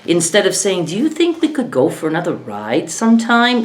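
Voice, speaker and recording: A woman's voice: fairly low pitch, very animated, moderate pace. A middle-aged woman talking frankly to her viewers in a casual vlog, exasperated and often laughing. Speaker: vlogger, caregiver of her mother. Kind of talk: casual talk to camera.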